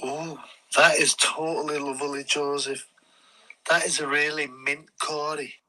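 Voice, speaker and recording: A man voicing a crude, swaggering male boxer in a comedy skit, bragging in a husky voice. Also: on the high side, level tone, unhurried, sharp tone, low-quality recording. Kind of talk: comedy skit voice in a parody video.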